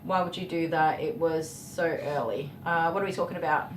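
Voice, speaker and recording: A woman hosting a casual livestream and answering viewer questions in a chatty, openly emotional way, with frequent ums. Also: moderate pace. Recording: echoey room with faint rumble.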